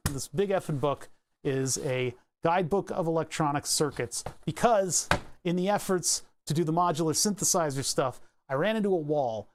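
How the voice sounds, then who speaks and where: A man's voice: a little high, a little mellow. A man streaming live and chatting casually, reading excerpts aloud and musing over them, with the odd swear. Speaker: livestreamer.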